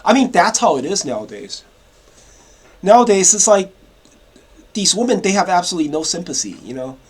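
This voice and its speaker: A man's voice: high voice, very animated, a little fast, breathy edge. A man ranting in a casual monologue, rambling and repeating himself with many stammered restarts and the odd curse. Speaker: vlogger.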